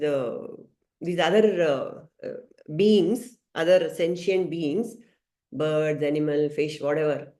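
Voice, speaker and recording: A woman teaching a scripture study class, telling a story gently with some hesitant fillers. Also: lowish voice. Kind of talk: storytelling lesson. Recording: roomy echo.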